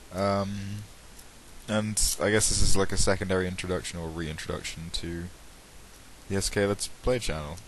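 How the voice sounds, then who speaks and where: A young English man with a Midlands accent, talking at home in a rambling, self-deprecating way full of ums. His voice sits very low. A light hiss runs under the home recording. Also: rough recording. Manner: rambling, self-mocking, hesitant with many ums. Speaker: let's play channel host. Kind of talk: casual self-deprecating vlog intro.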